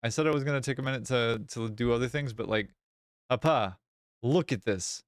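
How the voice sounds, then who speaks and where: A man streaming a game live, chatting casually in an excitable, self-mocking and sarcastic way. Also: mid-range voice, brisk, no room sound, studio quality. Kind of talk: live gameplay stream chat.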